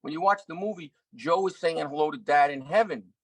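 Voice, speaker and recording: A man's voice: fairly high pitch, a little fast, no echo, voice pushed up. A man imitating an older male actor who talks to a younger man in a friendly, teasing, street-wise way. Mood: affectionate.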